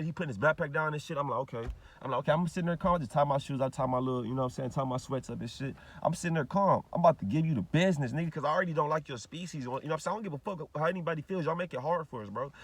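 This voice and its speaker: A man's voice: a little high, breathy edge. A young man, telling a rambling, profane story straight to the camera in a ranting vlog. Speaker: vlogger.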